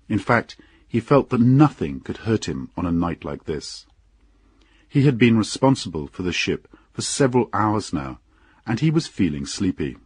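A deep, very husky male voice reads an audiobook story slowly and steadily. His delivery is measured and unhurried. The sound is dry and close. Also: no echo. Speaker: narrator.

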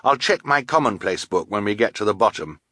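A man's voice: fairly low pitch, lively intonation, fairly quick, bright, forceful tone, no echo, clean studio sound. A man reading an audiobook, voicing a thoughtful, earnest boy mapmaker. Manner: earnest, reflective.

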